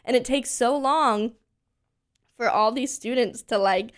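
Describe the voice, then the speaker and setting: A woman in her twenties, a voice teacher from Pennsylvania, chatting as an interview guest and telling animated stories full of fillers. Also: on the high side, unhurried. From Pennsylvania, USA. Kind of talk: casual interview chat.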